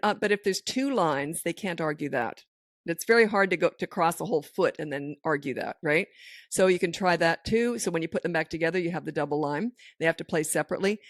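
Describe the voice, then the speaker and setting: A middle-aged woman who coaches parents and hosts a podcast answers listener questions firmly and directly, acting out what parents should say. Her voice is fairly low, close to a studio microphone, with no echo.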